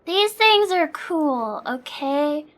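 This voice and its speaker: A woman's voice: high-pitched, animated, drawn-out words, a bit bright. A young woman streamer chatting casually, rambling with lots of fillers and swearing freely. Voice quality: sleepy.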